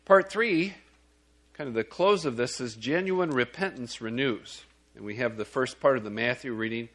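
A man preaching a sermon in an easy, conversational manner. His voice sits at an ordinary middle pitch. He keeps checking in with his listeners and sometimes restarts a phrase. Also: normal speed, fairly bright tone.

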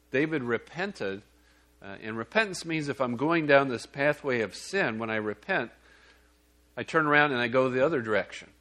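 A man's voice: medium pitch, lively intonation, normal speed, a bit bright. A man preaching a sermon in a plain, conversational way. He checks in with his listeners and sometimes restarts a phrase.

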